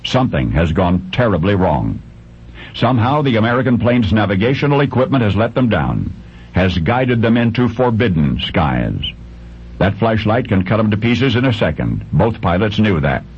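Dramatic male radio storyteller, husky and low. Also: big pitch swings. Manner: dramatic, deliberate pauses, sweeping pitch swings. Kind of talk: scripted radio narration. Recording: dull lo-fi radio recording.

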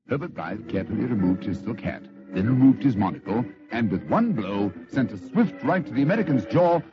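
A man telling a story in scripted radio narration, dramatic and theatrical, on a lo-fi old radio recording. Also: fairly low pitch.

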